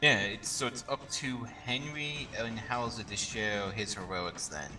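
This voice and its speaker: A man's voice: lowish voice, unhurried, pushed and bright, faint music behind. A man playing a tabletop game who rambles and restarts his sentences. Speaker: player. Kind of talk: tabletop role-play chat.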